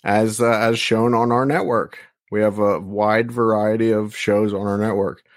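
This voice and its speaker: A man's voice: lowish voice, steady tone, moderate pace, dry recording, clean studio sound. A man co-hosting a casual wrestling podcast, talking in a rambling way with many restarts. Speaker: podcast co-host.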